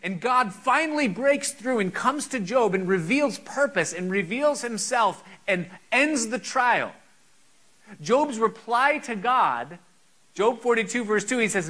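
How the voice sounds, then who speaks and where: A man's voice: very high-pitched, lively intonation, unhurried, sharp tone, low-quality recording. A man preaching a sermon, earnest and full of rhetorical questions.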